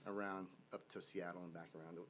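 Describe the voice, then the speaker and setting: A man's voice: deep voice, level tone, fast talker, a bit bright, a little hiss or hum. A man from the band answering interview questions in a radio studio, rambling and restarting as he talks. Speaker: band member. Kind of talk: casual interview talk.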